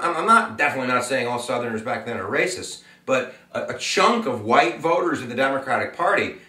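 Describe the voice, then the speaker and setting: A man's voice: mid-range voice, pushed and bright, reverberant, distant mic. A man giving a casual, jokey classroom lecture with plenty of fillers. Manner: chatty, jokey, full of fillers. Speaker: teacher.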